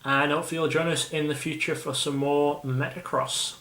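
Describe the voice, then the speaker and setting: A man's voice: on the high side, little pitch movement, brisk, a bit bright. Rambling British man in an echoey room. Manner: rambling, restarts often. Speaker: channel host. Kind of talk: casual chat about a card game.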